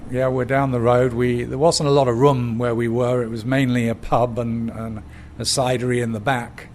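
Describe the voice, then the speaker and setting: Sitting at the bar of a small pub, an older English cider company founder speaks as an interview guest, telling rambling stories packed with fillers in his English accent. His voice is mid-range and darkish, flat in delivery at a normal speed, with slight background noise.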